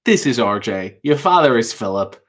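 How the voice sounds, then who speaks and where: A man's voice: mid-range voice, big pitch swings, moderate pace. A man hosting a casual late-night livestream, answering viewer chat with dry, wry quips. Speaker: livestream talk show host reading viewer chat.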